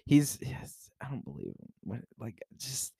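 A man hosting a casual solo podcast, reacting to a news post in a profane, excitable, rambling way into a desk microphone. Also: mid-range voice, measured pace, creaky, husky, dry recording, studio quality. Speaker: podcast host.

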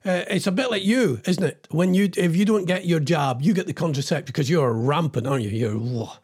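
A man co-hosting a casual chat over a video call, running quiz games and talking haltingly with lots of fillers. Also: fairly high pitch, a little mellow, husky. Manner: chatty, halting with many fillers. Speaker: co-host.

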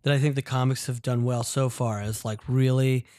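A man's voice: medium pitch, steady tone, a little mellow, no room sound. A man with an ordinary mid-range voice co-hosts a casual podcast chat. He talks eagerly, often restarting his sentences. The recording is dry and close. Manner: enthusiastic, halting with restarts. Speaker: podcast co-host. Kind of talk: casual chat about a comic book.

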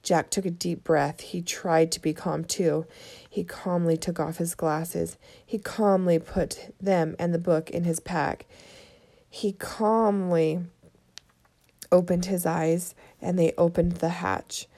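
Gravelly woman reading a storybook aloud. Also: fairly low pitch, little pitch movement, a little slow, dark tone. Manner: chatty asides to young listeners. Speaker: storybook reader. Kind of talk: reading a children's chapter book aloud.

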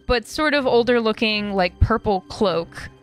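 Woman game master with a relaxed, chatty delivery and lots of fillers. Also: fairly high pitch, a little slow, soft background music. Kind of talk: narrating a tabletop game.

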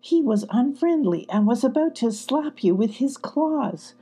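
A woman's voice: high-pitched, expressive, a little slow, dark tone, breathy edge, voice pushed up, full character voice. A woman voicing an anxious young male kitten who pleads and frets over the rules, in a storybook reading. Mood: pleading worried. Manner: pleading, worried.

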